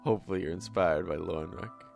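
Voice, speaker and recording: A man's voice: sits low, fast talker, creaky, darkish tone. A man hosting his own gameplay channel, chatting casually and swearing freely, his voice tired from many takes. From Canada. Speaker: gaming channel host. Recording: faint background music.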